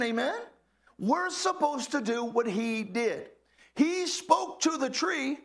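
A man's voice: very high-pitched, vocal fry, fairly bright tone, breathy edge. A male pastor preaching a sermon to a congregation, calling out questions and exclamations. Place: church hall with a congregation.

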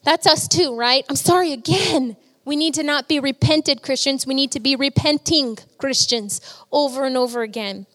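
A woman's voice: high-pitched, normal speed, fairly bright tone, big-room sound. A woman preaching a sermon, telling stories earnestly and with emotion.

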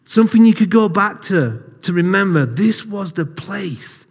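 A fairly high-voiced man preaches in a casual, storytelling way, poking fun at himself. His voice rings out with a long reverb from the hall. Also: lively intonation, a little slow, slightly rough. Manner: jokey, self-deprecating storyteller. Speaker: lay preacher. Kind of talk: casual sermon to a congregation.

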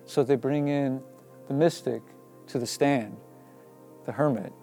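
A man telling a story in a casual, animated way, laughing often and using many fillers. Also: medium pitch, a little slow, soft background music.

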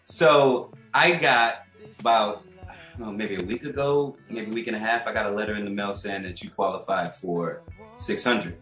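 A man co-hosting a podcast, telling a profane story in a casual, animated way and laughing as he goes. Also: on the low side, moderate pace, reverberant, soft background music, poor audio. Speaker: podcast co-host.

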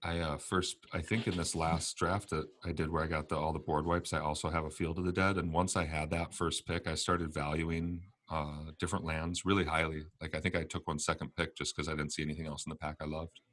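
A man with a very low voice rambles through casual card game talk as a podcast co-host. He laughs easily and lets his sentences trail off. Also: level tone, brisk, hardly any pauses, fairly bright tone.

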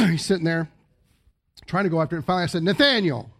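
A man with a fairly high voice preaching to a congregation in church. He talks in a casual, joking way and swings between loud, emphatic points and soft, low asides. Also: very fast. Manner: animated, with big swings in pitch and volume. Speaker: pastor. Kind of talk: sermon. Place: church service before a congregation.

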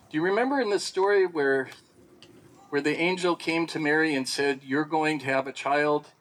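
Reading scripture aloud before unpacking it, this man poses rhetorical questions as he leads a Bible lesson. He speaks at normal speed in a fairly high, slightly bright voice, over slight background noise on a poor recording.

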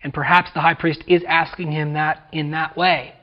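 A man's voice: a little high, flat delivery, normal speed, muffled recording. An American man preaching a sermon as pastor, dramatically acting out the voices he quotes. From United States.

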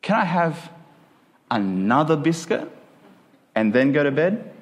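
Whiny little kid wheedling a parent, put on by a male preacher. Raised, sing-song pitch with long reverb around it. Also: big pitch swings, a little slow. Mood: pleading. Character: young child pleading, then mock-flattering a parent.

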